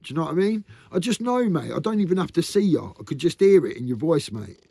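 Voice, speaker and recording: A man's voice: a little high, sing-song, fast, creaky, warm tone, husky, no room sound. A man talking candidly to camera in a rambling, earnest vlog, often tagging sentences with "mate". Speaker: vlogger.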